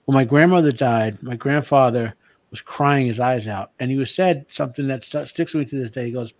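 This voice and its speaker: A man in casual discussion, talking in a rambling, halting way with lots of filler words. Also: mid-range voice, dry recording. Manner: rambling and halting, with frequent "you know" and "like". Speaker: co-host.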